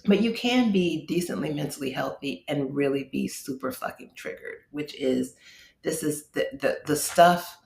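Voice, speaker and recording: Low, gravelly woman teaching in an echoey room. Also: very animated, normal speed. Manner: candid, conversational, drops to a hush on soft asides. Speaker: meditation teacher and host. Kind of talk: casual instructional talk.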